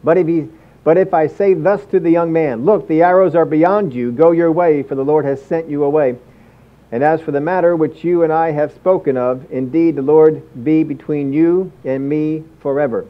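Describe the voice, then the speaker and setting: A man's voice: fairly high pitch, lo-fi sound. A man preaching a sermon as pastor, emphatic and repetitive, often acting out inner thoughts.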